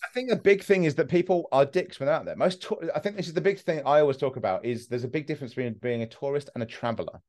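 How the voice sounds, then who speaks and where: A man's voice: mid-range voice, quick pace, few pauses. A man from England with an English accent, telling travel stories in casual conversation, swearing freely and acting out quotes. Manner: swears freely, animated storytelling with acted-out quotes. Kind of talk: casual chat.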